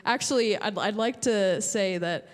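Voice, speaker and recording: A woman from Alberta giving an emotional award acceptance speech from a stage, halting with many fillers and restarts. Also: mid-range voice. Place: large hall at an awards show. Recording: long hall reverb.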